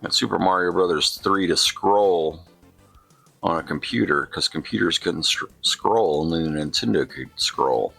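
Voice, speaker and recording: A man with a low voice and a rough, gravelly fry hosts his retro gaming channel. He rambles casually, restarting sentences and throwing in sarcastic jabs. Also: unhurried, a bit bright, soft background music. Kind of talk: casual gameplay commentary.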